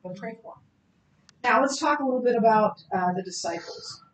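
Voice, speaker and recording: A woman teaching a Bible class in a conversational lecture style, chatty and animated, with many fillers and restarts. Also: a little high, fairly quick, distant mic. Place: church classroom. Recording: roomy echo with faint background hiss.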